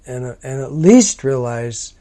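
A man teaching from a psalm in a slow, deliberate, emphatic manner. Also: medium pitch, expressive, warm tone. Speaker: preacher.

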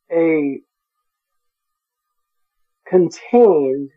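A man's voice: a little high, slow pace, a little mellow, dull audio. A man teaching a Bible study, carefully sounding out Greek words and chuckling at his own stumbles over hard terms. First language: English.

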